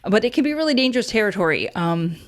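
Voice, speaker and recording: A woman's voice: mid-range voice, sing-song, fast. A woman in her thirties hosting a casual advice podcast, chatty, with many fillers and frequent laughs. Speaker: podcast host.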